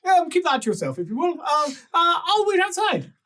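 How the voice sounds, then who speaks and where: A game master voicing a boisterous, crude bearded nobleman who announces guests loudly and swears freely. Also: very high voice, big pitch swings, fairly quick, slight background noise, pitched above the performer's own voice, exaggerated voice. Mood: sheepish.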